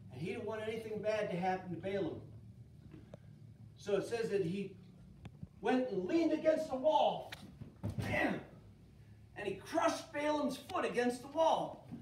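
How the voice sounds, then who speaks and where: A man's voice: sits high, measured pace, pauses often. A man teaching children's church, telling a Bible story with energy and asking the kids questions. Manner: lively, asks kids questions. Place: church kids' room. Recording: echoey room, far from mic, faint noise.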